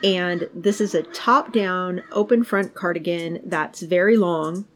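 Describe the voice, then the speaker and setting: A woman's voice: on the low side, unhurried, a bit bright, a little hiss or hum. A middle-aged woman co-hosting a podcast in casual, chatty talk, given to frequent giggles. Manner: giggly, chatty, laughs often. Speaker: podcast co-host. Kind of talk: casual chat.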